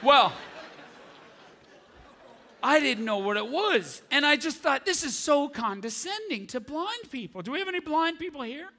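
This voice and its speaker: A man doing stand-up comedy on a large theater stage, talking in an animated way and jumping into high squealing impressions, with audience laughter behind him. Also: moderate pace.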